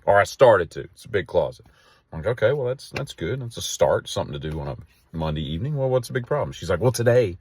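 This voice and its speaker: A man's voice: low-pitched, no room sound. A man telling a rambling story and ranting casually to camera, exasperated. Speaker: vlogger.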